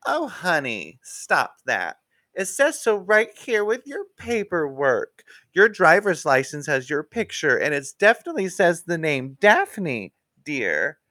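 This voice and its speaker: A man's voice: a little high, huge pitch swings, measured pace, pushed and bright, no room sound, studio quality, voice pushed up, exaggerated voice. A man voicing a sweet, fussy woman police trainee who keeps calling people dear. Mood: insistent. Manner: calls everyone dear, chirpy.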